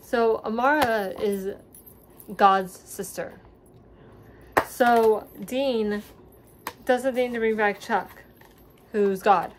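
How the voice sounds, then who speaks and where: Talking slowly with long pauses, a young woman reviews a TV series in a casual home vlog while her dog stays nearby. Her voice leans high and the background is noisy. She grew up in the US South after leaving Seattle at age five, and her chatty rambling is packed with ums and likes.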